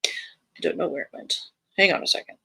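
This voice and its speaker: A woman's voice: a little fast, dry recording. A woman hosting a live reading stream, chatting casually and reading out viewer comments with an American accent. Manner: chatty, friendly, reads chat aloud with bright lifts. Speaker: livestream host of a reading sprint.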